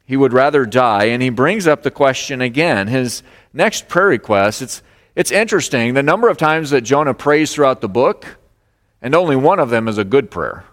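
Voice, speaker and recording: A male pastor preaching a sermon, expressive, acting out the lines of the story. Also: medium pitch, moderate pace, big-room sound. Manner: expressive preaching, acts out voices of God and Jonah.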